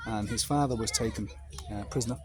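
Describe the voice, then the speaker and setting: A man's voice: lowish voice, fast. Rambling North Welsh man telling stories. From North Wales. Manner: meandering, digressive storytelling. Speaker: vlogger telling anecdotes. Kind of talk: casual anecdote.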